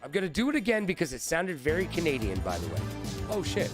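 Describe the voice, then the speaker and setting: A man hosting a live-stream trivia game, excitable and profane, riffing with his chat. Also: a little high, fast, over music.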